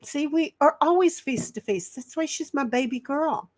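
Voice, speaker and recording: A woman's voice: high-pitched, moderate pace, a little mellow. A woman hosting a casual livestream chat, rambling as she reads viewers' messages aloud. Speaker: livestream host reading chat.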